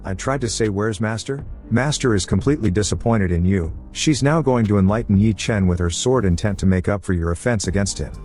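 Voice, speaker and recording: A man reading a story recap as narrator, voicing every character himself in a flat read-through. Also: lowish voice, brisk, hardly any pauses, faint music behind. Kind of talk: scripted recap narration, voicing all roles.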